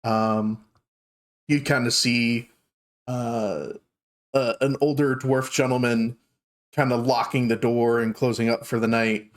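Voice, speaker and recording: A man's voice: medium pitch, flat delivery, takes it slowly, long pauses. A male game master narrating a fantasy tabletop session, with lots of ums and uhs. His voice sits in a plain mid range. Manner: loose, filler-heavy narration.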